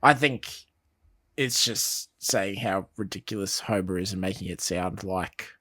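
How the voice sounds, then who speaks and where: A man's voice: deep voice, a little slow, sharp tone, dry recording, studio quality. A man co-hosting a podcast in casual chat, mostly adding short, laid-back remarks. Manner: brief agreeing replies, laid-back. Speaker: podcast co-host.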